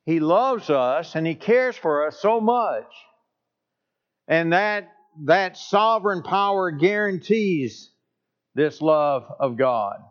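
A man preaching a sermon as pastor, speaking in a deliberate, emphatic way and repeating phrases to drive points home. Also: fairly high pitch, highs cut off.

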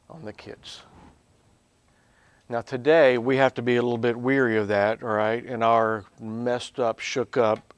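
In his mid-range voice, a male professor gives a spirited Bible lesson, alternating hushed asides with loud, emphatic outbursts.

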